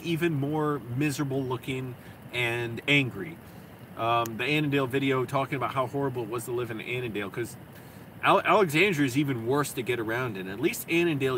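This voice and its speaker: A man's voice: mid-range voice, bright, forceful tone. A man vlogging into his phone in a parked car, rambling and venting with plenty of swearing. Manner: profane, rambling, quick to vent. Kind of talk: rambling casual monologue. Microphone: phone camera. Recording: noisy air conditioning hum.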